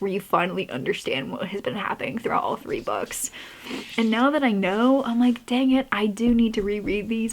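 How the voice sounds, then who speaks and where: Rambling young woman book vlogger. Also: mid-range voice. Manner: rambling, emotional, laughs often, many fillers. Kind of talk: casual reading vlog chat.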